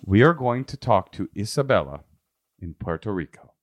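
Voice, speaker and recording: A man's voice: on the low side, sing-song, normal speed, faint music behind. A man co-hosting a podcast, chatting casually with a wry, joking manner. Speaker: podcast co-host. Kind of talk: casual comedic chat.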